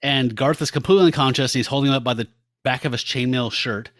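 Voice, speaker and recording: A man's voice: mid-range voice, fast, no echo, studio quality. A man co-hosting a casual comic-book podcast, walking through the panels aloud with chatty asides. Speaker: podcast co-host.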